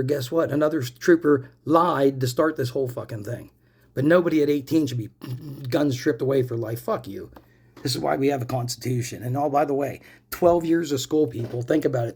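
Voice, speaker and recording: A man in his forties, a vlogger from Pennsylvania in the US, rants angrily to the camera while smoking, swearing often and addressing viewers as "people." His voice sits at a medium pitch with vocal fry, a darkish tone and a breathy edge.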